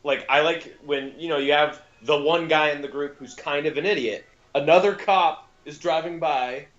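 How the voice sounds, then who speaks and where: A man's voice: fairly high pitch, normal speed, fairly bright tone, lo-fi sound. A man co-hosting a casual podcast film review, rambling with frequent fillers and self-corrections. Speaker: podcast co-host.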